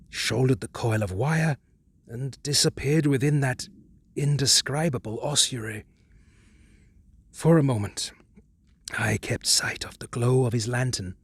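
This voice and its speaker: A man narrating a horror audiobook in a measured, hushed, dramatic way. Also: mid-range voice, husky, dry recording.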